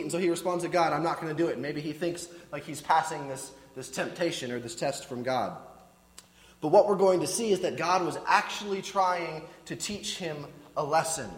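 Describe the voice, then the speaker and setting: A man preaching a conversational sermon with casual asides, often restarting his words. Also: on the high side. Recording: echoey hall with long reverb.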